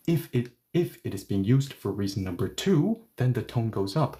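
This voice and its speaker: A man teaching a grammar lesson, explaining patiently step by step and repeating example sentences slowly. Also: on the low side, sing-song, mellow. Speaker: Korean language teacher.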